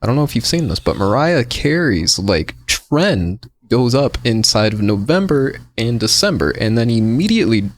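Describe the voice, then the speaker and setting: A man's voice: mid-range voice, normal speed, few pauses. A man co-hosting a podcast, telling rambling stories in casual banter. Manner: rambling, animated storyteller. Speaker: podcast co-host.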